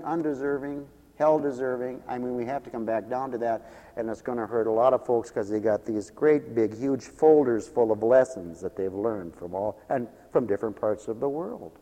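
Man preaching a sermon, goes from hushed to loud, chuckles between points, long echo tail. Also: medium pitch, normal speed. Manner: impassioned, swinging from hushed to loud. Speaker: pastor. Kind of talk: radio sermon.

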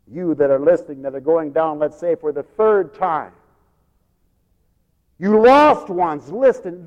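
A male preacher delivering a dramatic sermon, swinging from loud proclaiming to near-whispered storytelling. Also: on the high side, a little slow. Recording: long hall reverb.

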